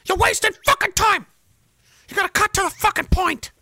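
A man's voice: very high-pitched, normal speed, pushed and bright, no echo, studio quality, voice pushed up, full character voice. A man putting on the voice of a blunt, profane male billionaire who lays down brutal threats. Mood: menacing.

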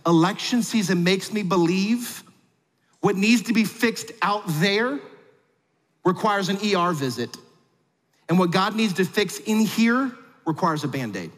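A man preaching a sermon, telling a family story with jokes and big swings between quiet and loud. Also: unhurried. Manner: animated storyteller with big swings in pitch and loudness; humorous asides. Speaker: pastor. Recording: long hall reverb.

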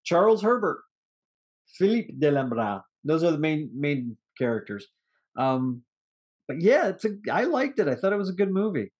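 Man, podcast co-host, casual movie chat, rambling, a bit high-pitched. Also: moderate pace, breathy edge. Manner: rambling, animated, swears casually.

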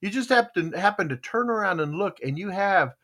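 Older American male podcast host, animated storyteller, upper-middle pitch. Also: a little fast. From United States. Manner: storytelling, animated, acts out dialogue. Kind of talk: casual rambling chat.

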